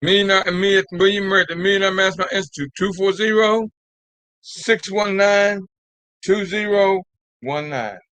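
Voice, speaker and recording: An older man hosts a live call-in show, urging his listeners on and repeating himself as he goes. His voice sits high and sounds bright and forceful. The sound is dry and close. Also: normal speed, smooth, no room sound, rough recording. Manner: exhorting and repetitive, drawls folksy "y'all". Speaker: host of a call-in talk show. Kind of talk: casual live call-in talk.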